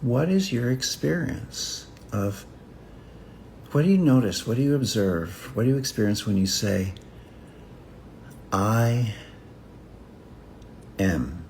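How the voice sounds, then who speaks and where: A man teaching about healing in a reflective spiritual talk, speaking in slow, repetitive, contemplative phrases with long pauses. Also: mid-range voice, lively intonation, gravelly, warm tone, slight background noise.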